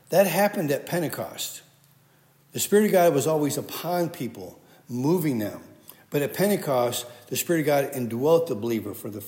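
A man's voice: medium pitch, a little mellow. A man giving a conversational sermon, quoting scripture and often restarting his sentences. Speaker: preacher. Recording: echoey hall with long reverb.

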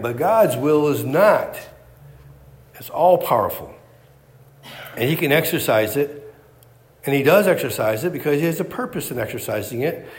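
A man preaching a sermon, emphatic and repetitive, firing off rhetorical questions. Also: on the high side.

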